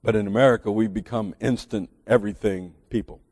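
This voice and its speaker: A man's voice: fairly low pitch, steady tone, a little fast, darkish tone, no room sound, studio quality, in a large hall. A middle-aged man with a Southern drawl preaching a sermon in a church, earnest and building to emphatic bursts with folksy asides.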